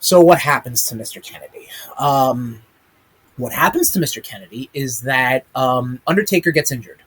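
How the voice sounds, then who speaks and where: A man's voice: medium pitch, normal speed, fairly bright tone, breathy edge. A man hosting a live-streamed wrestling chat, rambling with many ums and casual swearing. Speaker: podcast host. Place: streaming room with a big chat monitor.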